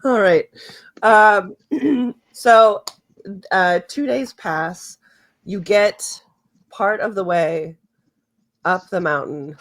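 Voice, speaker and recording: A woman running a tabletop game as game master, narrating in a halting way with many fillers and pauses. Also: medium pitch, fairly bright tone.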